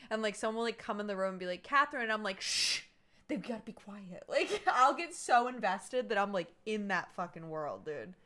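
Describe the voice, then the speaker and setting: A woman's voice: mid-range voice, expressive, brisk, hardly any pauses, fairly bright tone. A young woman co-hosting a casual podcast chat, chatty and teasing, peppering her talk with "like". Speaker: podcast co-host.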